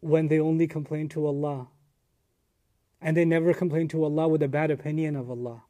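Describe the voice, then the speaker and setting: A man giving an earnest, emphatic Quran commentary lecture, dropping to a hush at some points and pressing hard at others. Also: on the high side, level tone, brisk. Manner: earnest, emphatic, swings from hushed to forceful. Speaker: Islamic teacher.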